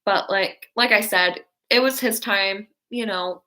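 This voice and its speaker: Bright-voiced young woman rambling on a live stream. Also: medium pitch, measured pace. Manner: rambling, heavy use of "like" and "um"; chatty, reacting to viewer comments. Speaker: vlogger hosting a live stream. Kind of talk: casual live-stream chat.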